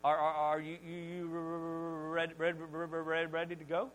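Flustered stuttering mother, as a preacher puts her on, high and choppy. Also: monotone, normal speed, a bit bright, slight background noise, natural voice. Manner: stuttering, repeating words. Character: his stuttering mother, flustered middle-aged woman.

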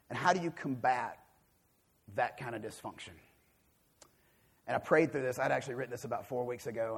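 Guy preaching, gravelly husky voice, gets loud then drops real quiet. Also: fairly quick, long pauses. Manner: animated, swings from loud emphatic to quiet and low. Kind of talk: sermon.

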